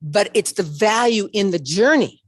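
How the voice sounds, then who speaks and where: A woman's voice: mid-range voice, animated, moderate pace, dry recording. An older woman giving a motivational talk, telling her story and acting out her own reactions. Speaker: speaker.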